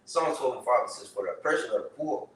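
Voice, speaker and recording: Halting scripture reader, distant and echoey. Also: male voice, medium pitch, animated. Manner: halting reading with fillers. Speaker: scripture reader in a study group. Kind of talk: reading scripture aloud. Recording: echoey room, distant from mic, faint noise.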